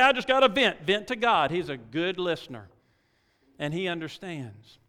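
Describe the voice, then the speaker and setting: A middle-aged male pastor preaching with a high, bright, clear voice. His folksy delivery is full of rhetorical questions and drops to quiet asides before rising to loud exhortation. The long reverb of a large church hall trails every phrase. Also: animated, moderate pace. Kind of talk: sermon.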